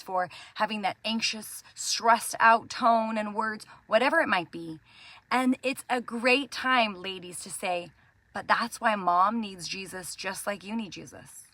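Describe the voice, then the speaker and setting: A woman hosting a devotional talk for Christian mothers, speaking in an earnest, gentle and encouraging way. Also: mid-range voice, unhurried, no room sound. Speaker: Christian parenting host.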